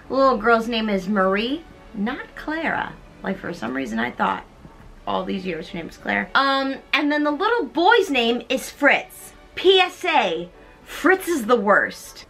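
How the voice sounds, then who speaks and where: A young woman, a little drunk, rambles through a retelling in a high, sparkling voice. Her tone is sarcastic and playful, and she keeps dropping into silly character voices. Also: a bit bright, rough recording. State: tipsy from drinking. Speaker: comedy vlogger. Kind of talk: tipsy comedic retelling.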